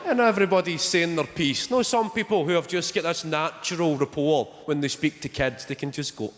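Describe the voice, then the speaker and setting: Wry young comic in a theatre. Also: male voice, fairly high pitch, a little fast, hardly any pauses. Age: young adult. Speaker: stand-up comedian. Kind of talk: stand-up comedy set. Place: large theatre stage. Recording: echoey theatre, loud noise.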